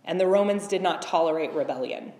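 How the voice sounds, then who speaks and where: A woman's voice: lowish voice, fairly quick, a little mellow. A woman reading scripture expressively during a sermon, adding her own asides. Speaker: preacher. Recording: echoey hall.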